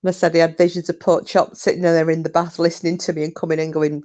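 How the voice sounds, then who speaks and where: Woman host, lower voice, chatty, laughing, salty-tongued. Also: little pitch movement, fast, dark tone. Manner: chatty, laughs often, swears casually. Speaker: live stream host. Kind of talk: casual chat reading viewer comments. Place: home, windy day.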